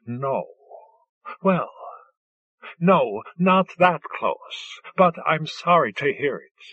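Man doing a quiet wry lover, slow husky delivery. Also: on the high side, expressive, no room sound, exaggerated voice. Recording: dull lo-fi recording.

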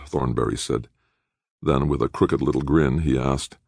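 Super low gravelly guy reading a story, expressive pitch, totally dry mic. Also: moderate pace, dry recording. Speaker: audiobook narrator. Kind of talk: scripted narration.

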